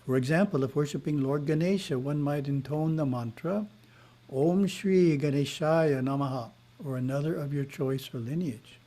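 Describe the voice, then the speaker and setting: A man giving a spiritual lesson in a webinar, reading in a measured way with short asides, heard over a video call. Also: fairly high pitch, dark tone. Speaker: spiritual teacher.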